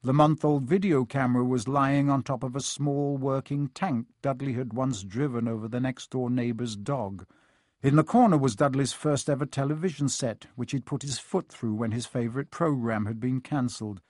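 A man narrates a storybook with measured, expressive pacing. His voice sits at a middle pitch. It is dry and close with no room sound. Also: dry recording. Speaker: audiobook narrator.

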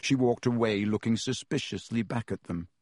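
A man narrating a children's fantasy novel as an audiobook, in a measured, even storytelling manner. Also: mid-range voice, dry recording, clean studio sound.

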